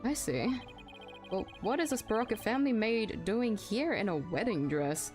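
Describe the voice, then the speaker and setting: Girl reading a tired middle-aged lawyer guy from a visual novel, dry and calm. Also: medium pitch, a little slow, faint music behind, natural voice.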